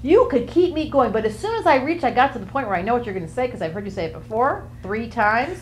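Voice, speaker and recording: A woman with a fairly high, very animated voice talks at a quick pace, playing a chatty, flighty Gemini woman who is easily bored and hops between topics in a comic monologue. There's a little hiss or hum.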